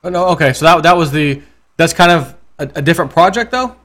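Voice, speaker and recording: A man's voice: on the high side, lively intonation, fast, fairly bright tone. A man hosting a casual crypto interview, loose and rambling, joking with his guest. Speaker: crypto YouTube host.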